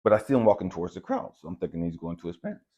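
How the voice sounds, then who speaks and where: Relaxed male host with a deep, mellow voice, telling a spiritual story like chatting with a friend. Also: rapid-fire, dull audio. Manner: relaxed, conversational, uses slang like bet and dap. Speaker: channel host.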